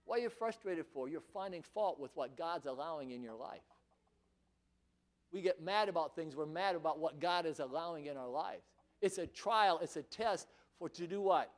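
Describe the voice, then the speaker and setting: A man preaching a sermon in church, reading scripture aloud and swinging between hushed, intimate passages and loud, fervent declarations. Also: on the high side, lively intonation, normal speed.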